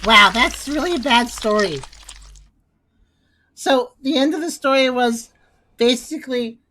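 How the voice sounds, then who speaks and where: A woman's voice: on the high side, measured pace, bright, forceful tone, slight background noise, poor audio. A woman hosting a gaming video, giving casual, joking commentary while she plays. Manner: chatty, joking, wry. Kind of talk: casual let's-play commentary.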